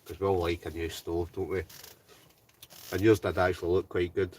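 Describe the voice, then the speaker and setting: The speaker is a Scottish man doing casual live-chat banter on a stream from inside a hot tent, reading out comments and often adding "right?" at the end. His voice sits low and a little mellow, with a flat delivery at a moderate pace. It's recorded from a distance, with a little hiss or hum.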